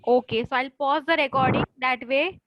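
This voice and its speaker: A woman tutoring French online, mixing English and Hindi, drilling her students with quick questions and repetition. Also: high-pitched, noisy background.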